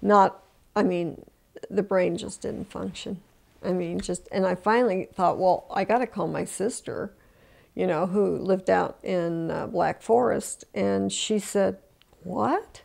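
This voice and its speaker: A woman's voice: mid-range voice, takes it slowly, vocal fry, a little mellow. An older woman in an oral history interview, telling her story with emotion, restarting often and acting out the voices she quotes. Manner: emotional retelling with many restarts.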